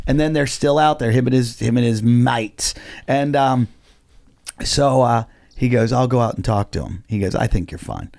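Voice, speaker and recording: Comedian guy rambling through a story on a podcast, gravelly fry in his voice, middle pitch, plays out both sides of the convo. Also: moderate pace, a little mellow, no room sound, clean studio sound. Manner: loose, rambling with many fillers. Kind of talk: casual podcast chat.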